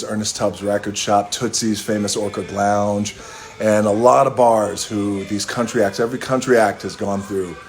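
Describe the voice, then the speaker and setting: A man hosting a phone live stream, telling a casual, profane story with chuckles along the way. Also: on the low side. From Hawaii. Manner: loose, profane, chuckling anecdotal delivery.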